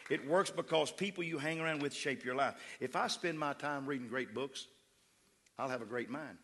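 Gravelly West Texas pastor preaching. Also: male voice, medium pitch, normal speed, a bit bright. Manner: fervent, emphatic preaching with crowd call-outs. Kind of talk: sermon. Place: church sanctuary. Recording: echoey church hall.

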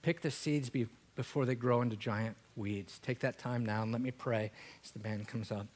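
A male pastor preaching a sermon in church, swinging from loud, emphatic passages to a hushed, prayerful voice. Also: mid-range voice, steady tone, moderate pace, hardly any pauses.

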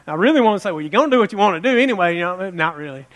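Rambling high-voiced man telling stories. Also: big pitch swings, very fast, fairly bright tone. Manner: rambling, self-deprecating, many "you know"s and restarts; folksy humor. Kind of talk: casual storytelling.

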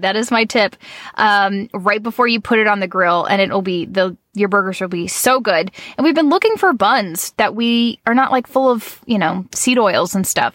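A woman's voice: medium pitch, moderate pace, fairly bright tone, dry recording. A chatty woman hosts a podcast, talking loosely with plenty of fillers and frequent laughs. Her voice sits in an ordinary middle range. The sound is dry and close, with no room around it. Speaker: podcast co-host. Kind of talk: casual podcast chat with ad read.

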